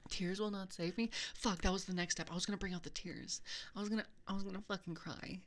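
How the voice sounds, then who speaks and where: A woman's voice: medium pitch, steady tone, quick pace. A young woman streamer chatting casually with her audience, playful and teasing, swearing freely, recorded on a binaural microphone. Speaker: VTuber streamer. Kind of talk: casual live-stream chat.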